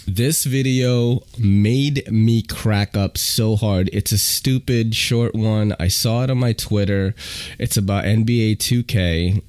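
Man, podcast host, low voice, rambling casual chat, dry close sound. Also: slow pace, a little mellow, dry recording. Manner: rambling, laughs often, many fillers.

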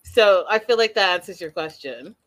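A woman hosting a casual recap chat over a video call, animated and talking straight to her co-host. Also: medium pitch, normal speed. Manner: animated, acts out quotes, addresses co-host by name. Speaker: podcast host.

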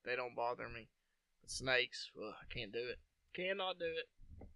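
A man's voice: medium pitch, lively intonation, normal speed, bright, forceful tone, dry recording, highs cut off. A man hosting a podcast, telling long profane stories in casual chat, laughing often. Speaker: podcast host.

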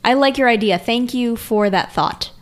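A woman's voice: fairly high pitch, normal speed. A woman co-hosting a podcast, chatting bluntly and swearing casually. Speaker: podcast co-host.

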